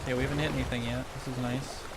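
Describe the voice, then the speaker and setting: A young man giving casual, profane gameplay commentary in a low-energy mumble. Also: little pitch movement, rapid-fire, heavy background noise. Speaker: gamer. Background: game music.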